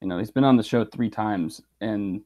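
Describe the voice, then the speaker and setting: A man guesting on a podcast, speaking in a calm, measured way. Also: on the low side. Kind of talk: casual podcast chat.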